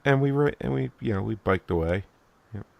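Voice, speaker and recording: A man's voice: fairly low pitch, lively intonation, brisk, vocal fry, darkish tone. A man in casual podcast chat, telling swearing, laughing stories.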